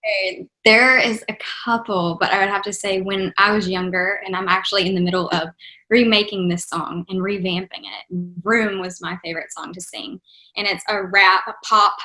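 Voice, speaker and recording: A young actress and singer from Texas gives upbeat, enthusiastic interview answers thick with "you know" and "like," her Texan accent faint and mostly trained out. She talks at a normal speed in a medium-pitched, steady voice that sounds pushed and bright.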